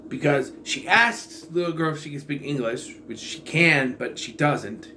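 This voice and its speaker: A man's voice: fairly high pitch, normal speed, pushed and bright, a little hiss or hum. A man giving a casual, rambling movie review in a sarcastic, blunt way.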